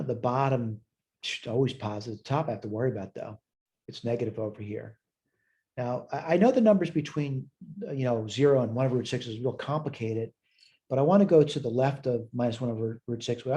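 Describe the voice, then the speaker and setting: A man's voice: mid-range voice, mellow. A man teaching a college math lesson, thinking aloud as he works through problems in a chatty, self-deprecating way. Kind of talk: recorded math lecture.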